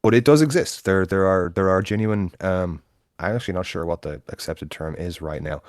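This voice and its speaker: A man's voice: low voice, a little fast. A man co-hosting a casual podcast chat. He rambles, corrects himself and swears freely. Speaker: podcast co-host.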